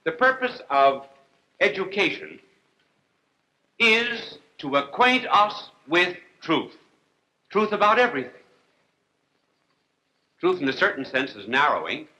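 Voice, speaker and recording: A priest delivering a humorous televised lecture, wry and deliberate, with dry jokes and long pauses. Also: male voice, a little high, very animated, sharp tone, poor audio. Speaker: priest and TV host.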